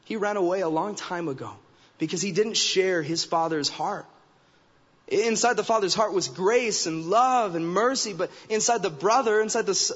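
Guest preacher, male, slightly high voice; emphatic, repeats phrases; dull recording in a sanctuary. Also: fairly bright tone, slightly rough. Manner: emphatic, acts out quoted remarks in character voices. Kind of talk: sermon. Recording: dull recording with long hall reverb.

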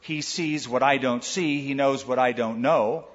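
An older man preaching a sermon as pastor, in a conversational, animated way with asides to his listeners. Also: medium pitch, a little slow, long reverb tail, muffled recording.

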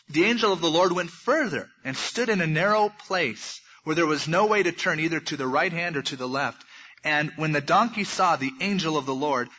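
Male preacher, folksy storyteller with jokes, higher voice, dull lo-fi sound. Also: pushed and bright, slightly rough. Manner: folksy storytelling with humorous asides. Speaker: pastor. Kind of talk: sermon.

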